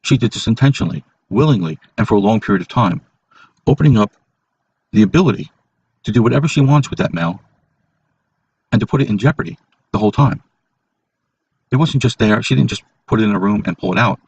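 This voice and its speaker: Casual male podcast host, low register, emphatic and repetitive; muffled home mic with light hiss. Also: lively intonation, fast, pauses often, a little mellow, husky. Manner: emphatic, repeats himself for stress. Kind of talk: casual political monologue.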